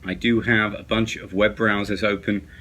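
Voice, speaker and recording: A man's voice: on the low side, flat delivery, normal speed, bright, forceful tone, slight background noise. A man chatting casually at home late at night about pipes, rambling with lots of fillers and restarts. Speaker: pipe smoking vlogger.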